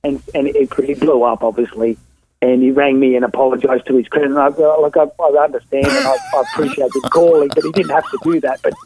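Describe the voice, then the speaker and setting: A man's voice: mid-range voice, fairly even intonation, fast, darkish tone, soft background music, poor audio. A man with an Australian accent, a former golf pro guest, telling casual stories in a chatty, self-deprecating way. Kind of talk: casual storytelling anecdotes.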